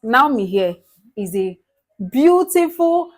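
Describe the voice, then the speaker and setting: A Nigerian woman recapping a reality show in casual, animated gossip, laughing often. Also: medium pitch, moderate pace. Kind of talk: casual chat.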